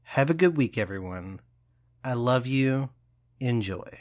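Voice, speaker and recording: Slow-talking sincere host man. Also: medium pitch, expressive, a little mellow. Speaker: show host. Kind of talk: outro announcement.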